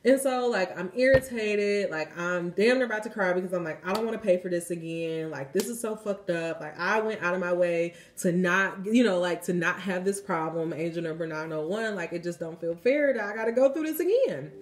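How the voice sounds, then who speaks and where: A young woman talks casually to her viewers as a tarot reader. Her voice sits a little low for a woman. She rambles in a loose, storytelling way, leaning on "like" and "you know" and dropping the odd curse. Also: a little fast, few pauses. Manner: chatty storytelling, heavy use of "like" and "you know", occasional swearing. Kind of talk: casual spiritual vlog talk.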